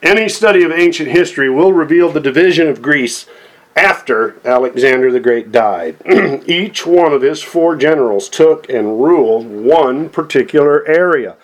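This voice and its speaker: Middle-aged preacher guy, kinda high voice, folksy prophecy teaching w/ lots of amens. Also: normal speed. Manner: folksy, asks "Okay?" and "Amen" to listeners.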